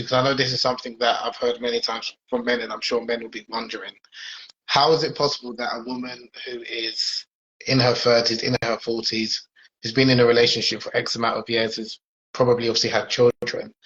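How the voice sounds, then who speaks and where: A male host poses long interview questions in a measured, careful way. His tone stays flat and even but bright and forceful. The sound is dull and lo-fi. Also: mid-range voice. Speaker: podcast host.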